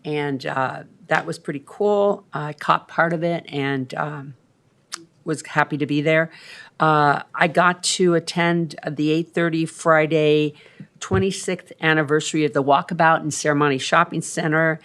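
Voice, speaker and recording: A woman's voice: low voice, fairly even intonation, unhurried, a bit bright. A woman in her sixties on the city council, giving a rambling, chatty report full of ums at a council meeting. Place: council chamber.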